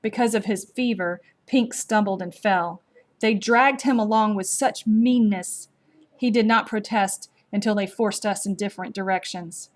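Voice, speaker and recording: Woman slowly reading a storybook aloud. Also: mid-range voice. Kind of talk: storybook read-aloud narration.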